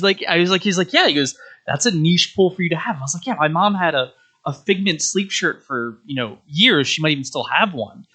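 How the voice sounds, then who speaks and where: A young adult man in casual chat, rambling and halting, with many restarts as he recounts his day. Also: fairly high pitch, expressive, sharp tone. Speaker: podcast guest.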